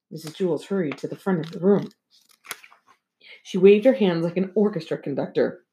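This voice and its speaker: A woman narrating a children's chapter book aloud in an expressive, storytelling manner. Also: on the low side, moderate pace. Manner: lively and expressive. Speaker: audiobook reader.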